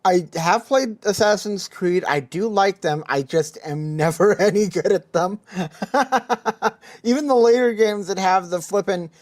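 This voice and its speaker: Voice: mid-range voice, measured pace. A podcast co-host in casual livestream chat, speaking hesitantly with laughs between phrases.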